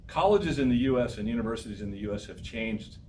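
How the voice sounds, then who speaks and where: A man teaches a college class, urging his students on with lively, repetitive exhortations. He sounds distant from the microphone. Faint room noise hums behind him. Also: mid-range voice, fast talker. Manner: energetic, exhorting, repeats phrases. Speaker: professor. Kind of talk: classroom lecture.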